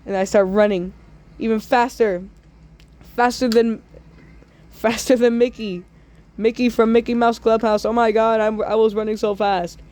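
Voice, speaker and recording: A woman telling absurd comic stories in a drawling way, with sudden loud squealing outbursts. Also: fairly high pitch, steady tone, normal speed. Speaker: storyteller. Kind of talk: absurd comedic storytime.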